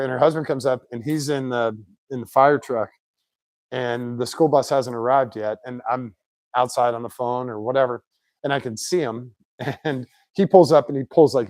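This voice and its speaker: Man, mid pitch, casual garage storyteller, animated, close dry sound. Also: no echo. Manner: chatty, animated anecdotes with put-on quotes. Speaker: shop owner, car builder. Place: home garage shop.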